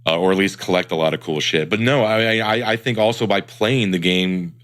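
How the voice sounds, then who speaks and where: A man's voice: low voice, a little fast, fairly bright tone. A young man co-hosting a gaming podcast, talking loosely with lots of "like" and casual swearing. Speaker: podcast co-host. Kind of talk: casual chat.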